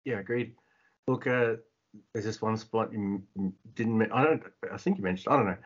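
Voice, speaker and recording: A man co-hosting a podcast in casual chat, profane and excitable, laughing often, on slightly dull lo-fi audio. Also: on the low side, a little fast. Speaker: podcast co-host.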